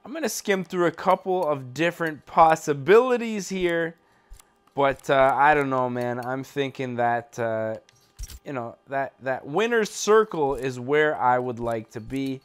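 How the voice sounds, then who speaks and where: A man's voice: mid-range voice, expressive, measured pace, clean tone. A young Canadian man giving casual, joking gameplay commentary from a home setup, rambling and full of fillers. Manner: laid-back, rambling, joking, lots of fillers. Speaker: gaming channel host.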